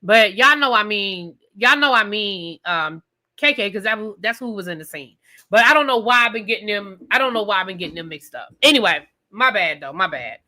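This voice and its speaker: Bright-voiced woman ranting. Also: medium pitch, fairly quick. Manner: blunt, profane, animated ranting. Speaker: reality TV reviewer. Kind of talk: live rant review.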